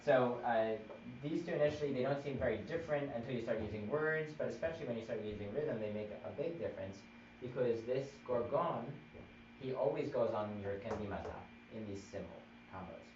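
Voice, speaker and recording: A man's voice: medium pitch, fairly quick. A man teaching a chant theory class, patiently explaining and counting out beats. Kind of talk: live-streamed music theory class. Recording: roomy, distant, dull live stream with noise.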